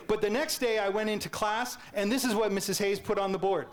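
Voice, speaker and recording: In a public lecture, a man with a light, high-pitched Canadian voice talks fairly quickly, hardly pausing. His storytelling is lively and playful as he poses questions to listeners and mimics how his teachers spoke.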